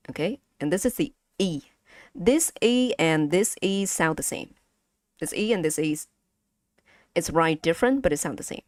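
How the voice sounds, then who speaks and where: A young woman with a Vietnamese accent, teaching Vietnamese on a casual stream, speaking haltingly with many fillers and repeats. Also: low-pitched, expressive, a little mellow, no echo, studio quality. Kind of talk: casual language lesson stream.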